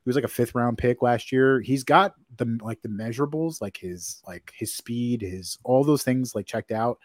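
Male podcast co-host, loose filler-heavy chat, mid pitch, dry booth sound. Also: moderate pace, no echo. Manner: rambling, filler-heavy, self-correcting. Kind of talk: casual sports chat.

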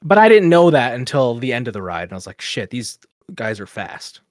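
A man rambles through a casual anecdote. He talks in a middle-pitched voice, acting out what people said. The recording is close and dry. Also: brisk, no room sound. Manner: rambling, animated storyteller with many fillers and quoted asides. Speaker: podcast co-host. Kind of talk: casual storytelling chat.

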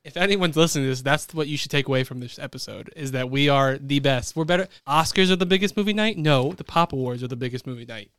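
Brief: quick, animated male podcast host with a crisp voice, recorded dry. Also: medium pitch, no echo. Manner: fast, animated, announces nominees. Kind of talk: casual podcast chat.

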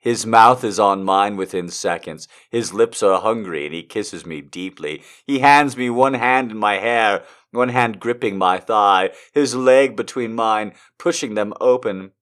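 A man on the low side, a bit bright, reads at a measured pace with hardly any pauses. The erotic story is a comic performance, swinging from whisper to shriek and broken up by swearing and laughter.

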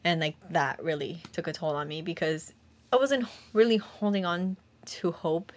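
A woman's voice: fairly low pitch, normal speed. A young woman in casual conversation, telling a sad personal story in a rambling way with lots of fillers and acted-out quotes. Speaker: guest sharing a personal story. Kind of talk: casual chat.

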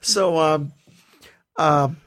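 A man's voice: fairly high pitch, extremely slow, fairly bright tone, no echo, clean studio sound. A man telling a funny story in a casual chat, acting out the voices of people in it and often laughing.

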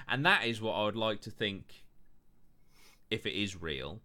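A man's voice: fairly low pitch, animated, measured pace, bright, forceful tone. A man hosting a podcast, telling stories in loose casual chat, full of fillers and swearing. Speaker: podcast host.

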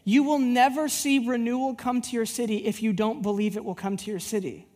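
A woman's voice: fairly high pitch, fairly quick. A woman youth pastor giving a sermon, telling personal stories and acting out the dialogue. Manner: animated storyteller who acts out dialogue.

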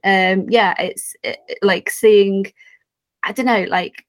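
A woman's voice: medium pitch, fairly even intonation, takes it slowly, no echo. A woman co-hosting a podcast, speaking earnestly and hesitantly with many fillers. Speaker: podcast co-host. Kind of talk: casual podcast chat.

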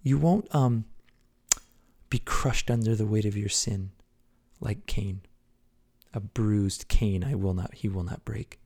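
A man preaching a devotional podcast sermon, earnest, swinging between loud exhortation and hushed whispers. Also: on the low side, slow pace, husky.

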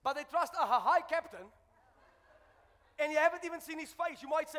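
A man's voice: very high voice, quick pace, fairly bright tone. A South African man preaching a fervent, humorous sermon as pastor in a church building. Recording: long church hall reverb.

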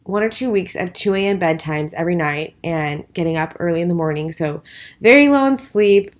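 A tired, stressed woman co-hosts a casual podcast chat, rambling and hesitant with plenty of fillers. Her voice is lowish and expressive, and she talks briskly.

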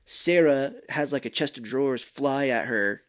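A woman's voice: a bass voice, moderate pace. A woman co-hosting a podcast, casually retelling a film scene by scene, swearing freely and acting out quotes. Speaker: podcast co-host. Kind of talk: casual movie recap chat.

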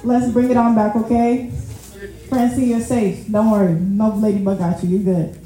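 Her delivery is flat and moderately paced, but her medium-pitched voice is warm as this woman preaches conversationally, addressing the crowd as y'all and frequently chuckling at herself. Everything echoes heavily in the room.

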